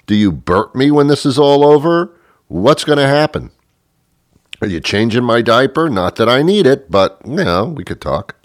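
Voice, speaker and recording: Here a middle-aged comedic storyteller speaks at medium pitch and a moderate pace. He tells a lively, rambling comic tale about himself, heavy on sarcasm and self-mockery. The recording is dry and studio quality.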